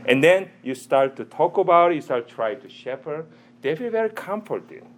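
A man teaching a church audience in a sermon style, animated, quizzing listeners, with broken, non-native-sounding phrasing. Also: fairly high pitch, moderate pace.

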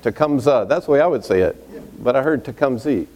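A man's voice: medium pitch, brisk, a little hiss or hum. Folksy man preaching in a reverberant hall. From Texas. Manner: relaxed, chatty, many "uh" fillers and asides to the congregation. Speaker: visiting preacher. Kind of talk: sermon introduction, casual and folksy.

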